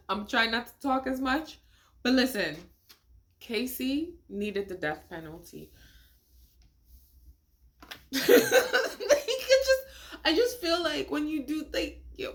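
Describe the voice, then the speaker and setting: Hosting a casual reaction video, a woman with a voice on the high side talks in an animated, incredulous way. Frequent laughter and rhetorical questions fill her delivery.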